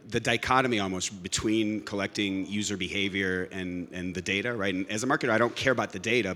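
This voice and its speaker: Male audience member, lowish voice, halting casual question. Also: fairly bright tone. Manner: hesitant, repeats words while asking.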